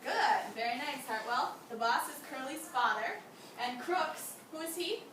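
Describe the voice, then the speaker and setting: Here the young woman's voice is high and her pace measured as she leads the lesson, cheering her class on and questioning them often. Background noise and room echo come through, since she's recorded from a distance.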